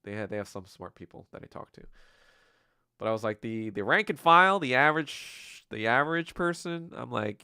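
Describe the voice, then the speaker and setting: A man's voice: medium pitch, animated, normal speed, sharp tone, clean tone, dry recording, studio quality. A young man hosting a solo podcast, rambling and ranting in a crude, sarcastic, profane way. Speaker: podcast host. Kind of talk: casual solo livestream rant.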